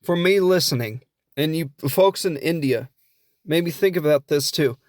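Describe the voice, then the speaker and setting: A man's voice: fairly high pitch, unhurried, no room sound, studio quality. A man with a Midwestern American accent, hosting a podcast and recapping a film in a rambling, jokey, self-deprecating way. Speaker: podcast host. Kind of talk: casual comedic film recap.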